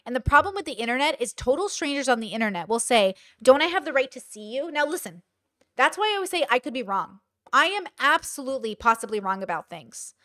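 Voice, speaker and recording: A woman's voice: high voice, big pitch swings, fast, pushed and bright, no echo, clean studio sound. Emphatic woman, blunt commentary host. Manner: emphatic, blunt, acts out quoted voices; swears casually. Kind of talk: casual commentary.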